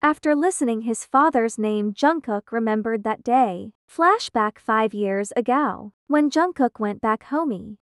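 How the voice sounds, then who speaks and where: A woman narrating a fan fiction story aloud in a plain, quick reading with small slips. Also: fairly high pitch, lively intonation, dry recording, studio quality.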